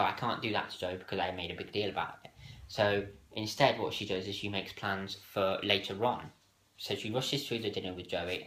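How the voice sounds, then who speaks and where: Male host, low-pitched, hesitant casual delivery full of fillers, roomy echo. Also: sharp tone. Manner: hesitant, many fillers and restarts. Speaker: video host ranking TV moments. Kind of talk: casual solo countdown talk. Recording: echoey room.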